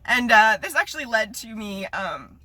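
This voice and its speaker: A woman's voice: fairly high pitch, expressive, normal speed, sharp tone, no echo. A young woman in her twenties venting on a vlog, angry and profane while holding back tears. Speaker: vlogger. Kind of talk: emotional vlog rant.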